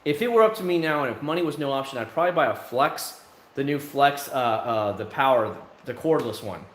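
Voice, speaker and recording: A man's voice: mid-range voice, lively intonation, a little fast, a bit bright, reverberant, slight background noise. A man hosting a livestream, chatting casually with viewers in a candid, rambling way full of fillers, outside his home. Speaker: livestream host. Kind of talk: casual chat answering viewers.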